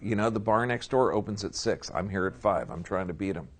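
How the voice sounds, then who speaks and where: A man's voice: on the low side, a little fast. A man giving a live seminar lecture, folksy and emphatic, often checking in with his audience. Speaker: seminar speaker.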